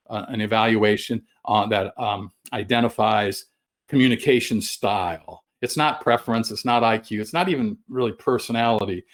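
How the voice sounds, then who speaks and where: A middle-aged man presenting a webinar over a video call, folksy and halting, with many fillers and restarts. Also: mid-range voice. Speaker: guest sales trainer.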